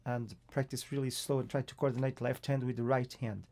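With acoustic guitar in the background, a man from Portugal teaches guitar and patiently counts beats in a Portuguese accent. He speaks briskly, with a medium-pitched, darkish voice and fairly even intonation.

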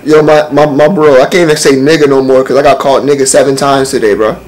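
A man's voice: mid-range voice, fairly even intonation, fast talker, a little mellow, low-quality recording. A young man chatting casually on a video chat app, roasting the strangers he meets with brash, profane slang and a lot of laughter.

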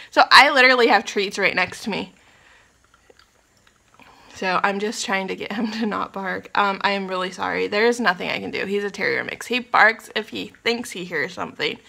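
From her condo, a young woman vlogs in a scattered, giggly style, full of ums and apologies as she rambles casually. Her voice is mid-range, creaky and sharp in tone.

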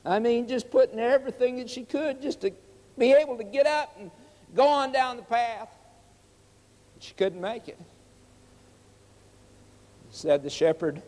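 A man's voice: fairly high pitch, noisy background. A man preaching an evangelistic sermon, telling a story earnestly and emphatically, then leading a prayer before an audience. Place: church hall with audience. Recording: long reverb of a large hall.

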